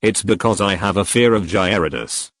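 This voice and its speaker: A man's voice: lowish voice, normal speed, a bit bright, no echo. A man reading as a blunt young girl. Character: stubborn young girl trainer, outspoken.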